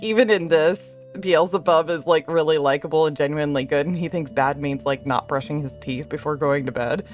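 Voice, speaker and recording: A woman live-streaming a game, chatting with viewers and reading chat aloud, bubbly, laughing often and swearing freely. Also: fairly low pitch. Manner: reads chat messages aloud.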